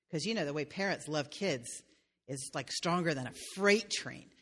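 A woman's voice: low-pitched, lively intonation, normal speed, fairly bright tone, slightly rough. A woman pastor telling a fairy tale in a sermon, with playful asides to the listeners.

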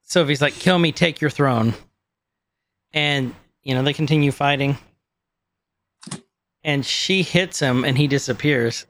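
A man co-hosting a podcast, recapping a show in casual chat, animated and quick to laugh, acting out quotes. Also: fairly high pitch. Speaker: podcast co-host.

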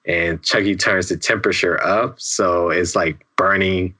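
A man's voice: deep voice, steady tone, unhurried, bright, forceful tone. A man co-hosting a podcast, recapping a film in laid-back casual chat, with many fillers, frequent laughs and swearing. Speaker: podcast co-host.

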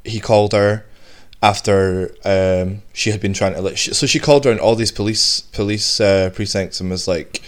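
Lower-pitched man, rambling storyteller. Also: normal speed, few pauses. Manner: animated, rambling storyteller with restarts. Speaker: podcast host. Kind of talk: casual chat.

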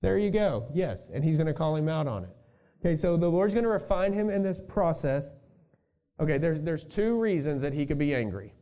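A man's voice: a little high, expressive, brisk, mellow. A male pastor preaching a sermon in a conversational way, thinking aloud and adding asides to his congregation.

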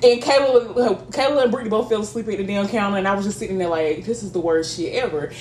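A woman co-hosting a podcast in casual chat, telling animated, profane stories and laughing often. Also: mid-range voice, fast, reverberant, a little hiss or hum. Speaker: podcast co-host.

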